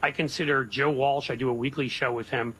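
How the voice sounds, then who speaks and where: A middle-aged man co-hosting a talk radio show, rambling with halting restarts. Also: medium pitch, steady tone, bright, forceful tone, husky, low-quality recording. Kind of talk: casual political talk.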